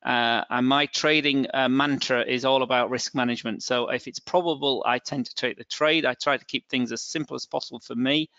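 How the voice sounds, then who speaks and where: A man's voice: mid-range voice, fairly even intonation, fairly quick, hardly any pauses, sharp tone, no room sound. A middle-aged man with a northern English accent presenting a live trading webinar, hesitant and full of fillers and restarts. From England. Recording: dull, dry, lo-fi webinar audio.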